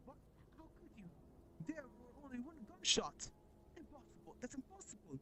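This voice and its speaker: A man puts on a rattled young huntress from a manga, her voice thin, high and hushed. She stammers in disbelief, sounding close and dry. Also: big pitch swings, normal speed, slightly rough, no echo, exaggerated voice. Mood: panicked. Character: panicked young woman huntress, shrill and shaken.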